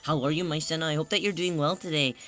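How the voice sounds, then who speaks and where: A man's voice: fairly high pitch, fairly even intonation, fast, no room sound. A man chatting casually on a livestream, rambling and self-conscious, greeting viewers as they arrive. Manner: greets chat members warmly.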